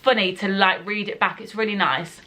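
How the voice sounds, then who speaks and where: A woman's voice: mid-range voice, fairly even intonation, fairly quick, sharp tone. Chatty young woman. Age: young adult. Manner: chatty, emotional, full of "like" and "oh my God". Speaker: vlogger. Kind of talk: casual chat.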